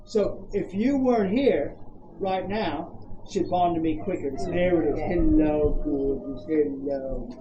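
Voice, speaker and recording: Outdoors at a campground, a brisk Australian dog trainer with a mid-range voice and lively intonation gives hands-on coaching, mixing quick commands with coaching questions. The dull audio sounds echoey and distant under noisy outdoor ambience.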